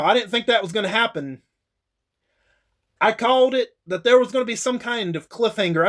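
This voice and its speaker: Male YouTube reviewer with a high voice, loose and chatty, swears freely, restarts sentences. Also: fairly bright tone. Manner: rambling, swearing, frequent laughs and restarts. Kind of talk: casual spoken episode recap.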